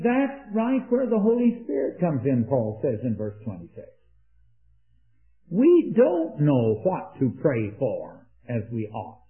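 A man preaching an earnest sermon, rising to emphatic peaks and dropping into quiet anecdotes. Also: sits high. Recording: echoey, tinny old sermon recording.

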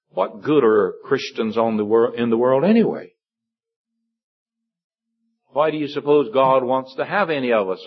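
A man preaching a sermon in an earnest, rambling way, his voice climbing for emphasis and stopping often for fillers. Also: slightly rough. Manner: earnest, rises in pitch for emphasis, many fillers. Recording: dull lo-fi recording.

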